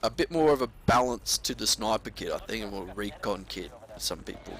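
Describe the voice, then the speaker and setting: A man's voice: fairly low pitch, animated, fairly quick, a crowd in the background. A young man casually commentating over his gameplay at home, laid-back with frequent swearing and ranty asides.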